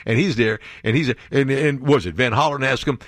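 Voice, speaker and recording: A man's voice: mid-range voice, a little fast, fairly bright tone, no room sound, studio quality. A man hosting a talk radio show, delivering a sarcastic, mocking monologue and reading news items aloud. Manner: sarcastic, mocking, jumps to put-on voices.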